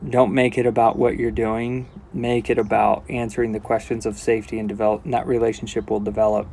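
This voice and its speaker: A man working as a horse trainer, giving calm, relaxed instructional commentary with casual asides as he works. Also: lowish voice, fairly quick, gravelly, slight background noise.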